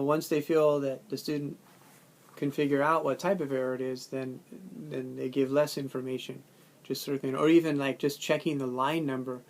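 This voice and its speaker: A man talking through a textbook chapter on classroom feedback, informal and thinking aloud with many fillers and restarts, sometimes acting out student and teacher lines. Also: mid-range voice. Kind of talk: casual lecture recording.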